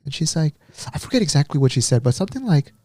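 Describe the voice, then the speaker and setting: A man co-hosting a podcast, chatting casually and telling a story with lively acted-out quotes. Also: fairly high pitch, fast talker, no echo, clean studio sound. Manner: animated storyteller, acts out quotes. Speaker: podcast co-host. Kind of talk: casual chat.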